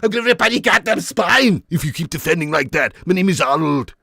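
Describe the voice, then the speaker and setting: A man impersonating a gruff, muscular action-movie star barking threats. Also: high-pitched, lively intonation, a little fast, sharp tone, dry recording, studio quality, heavily acted. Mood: menacing.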